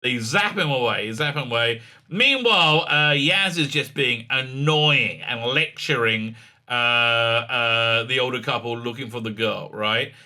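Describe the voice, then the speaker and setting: A man's voice: medium pitch, unhurried, bright, forceful tone. A middle-aged man reviewing a TV episode in a rambling, sarcastic way, full of uhs and restarts. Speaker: show recap reviewer. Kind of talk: casual review commentary.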